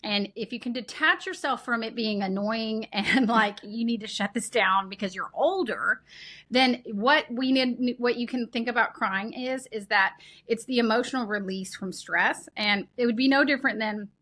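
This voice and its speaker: A woman explaining child development in a conversational interview, earnest and animated, acting out what parents say. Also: a little high, moderate pace.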